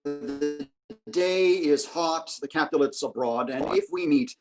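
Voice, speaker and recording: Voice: medium pitch, big pitch swings, measured pace, gravelly, over music, rough recording. An actor playing hesitant Benvolio. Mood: worried. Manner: hesitant, bemused. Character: peace-seeking young male Benvolio.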